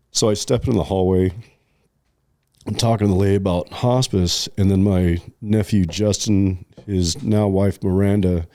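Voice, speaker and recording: A man's voice: on the low side, warm tone. A middle-aged man telling a personal story in casual podcast chat, rambling with many fillers and restarts, sometimes choked up. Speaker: podcast co-host.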